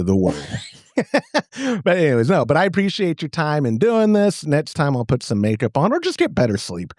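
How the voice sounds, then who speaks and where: A man's voice: medium pitch, darkish tone, no echo, studio quality. A man hosting a podcast, chatting in a jokey, rambling, self-mocking way over a video call. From Texas. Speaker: podcast host. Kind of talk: casual chat.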